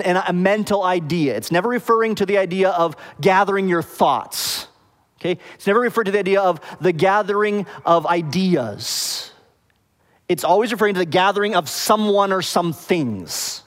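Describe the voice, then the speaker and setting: A man preaching a sermon with a slightly raised voice, explaining words step by step. He keeps checking with the congregation to see if they follow. His voice rings out with a long reverb, as in a church hall. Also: high voice. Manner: explains word meanings, asks the congregation "okay?" and "does that make sense?". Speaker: pastor.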